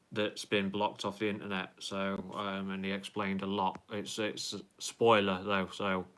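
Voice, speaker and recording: A young man chats his way through a live stream, reading viewer comments aloud and rambling with plenty of ums and false starts. His voice is low, bright and smooth. He keeps an even, flat tone throughout. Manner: rambling, full of ums and restarts.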